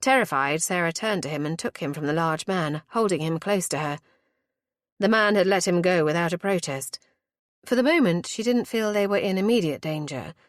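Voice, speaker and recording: A woman narrating a historical romance audiobook in a measured, dramatic way. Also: on the low side, no echo, clean studio sound.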